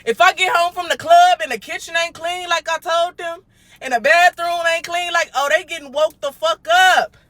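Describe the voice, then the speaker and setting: Young woman, livestream host, casual chat, blunt, profane, bright forceful voice. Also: very high voice, steady tone, moderate pace, no echo. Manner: blunt and profane, with swings between loud and quiet.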